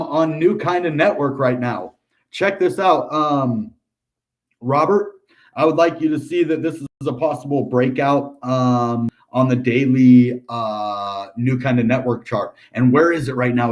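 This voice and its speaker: An American man hosting a crypto channel, talking casually through price charts with lots of filler words and upbeat asides. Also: mid-range voice. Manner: chatty, upbeat, lots of ums and dude. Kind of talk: casual chart analysis livestream.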